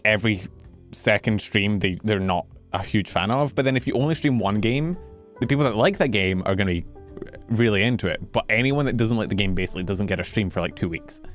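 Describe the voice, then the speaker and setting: A man streaming as a VTuber, rambling casually to his chat, a little out of breath in a warm room. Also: lowish voice. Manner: rambling, self-interrupting, animated. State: slightly out of breath. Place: warm bedroom.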